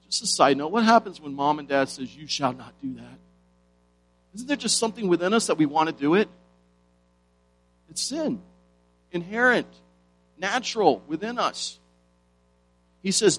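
A man's voice: on the high side, lively intonation, normal speed, long pauses, a bit bright, faint music behind, low-quality recording. A man preaching a sermon with emphatic stresses and rhetorical questions.

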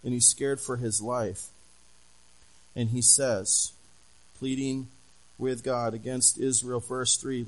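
Male pastor, middle pitch, animated storytelling sermon full of questions to the congregation. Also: measured pace, long pauses, low-quality recording.

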